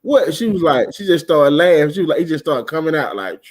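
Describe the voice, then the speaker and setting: A young man with a high-pitched voice hosts a casual talk show. He tells stories loudly and profanely, breaking into shouted bursts as the tale builds. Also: fast. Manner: loud, profane, animated storytelling with shouted bursts. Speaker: podcast host. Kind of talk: casual storytelling chat.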